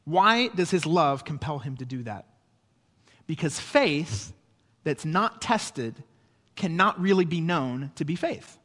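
A man's voice: fairly high pitch, animated, takes it slowly, fairly bright tone, big-room sound. A man preaching a sermon in a conversational way, often checking in with his listeners. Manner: conversational preaching with frequent "right?" asides. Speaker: pastor.

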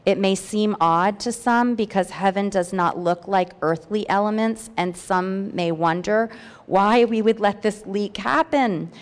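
A woman's voice: mid-range voice, measured pace, long reverb tail. A woman reading her personal testimony aloud at a church meeting, earnest and heartfelt, with hesitant fillers. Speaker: church member sharing a testimony.

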